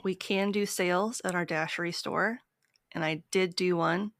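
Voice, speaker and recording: A woman hosting a podcast in casual chat, her voice a bit hoarse today, chatty with whispered asides. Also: lowish voice, steady tone, moderate pace, fairly bright tone, no echo, studio quality. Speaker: podcast host.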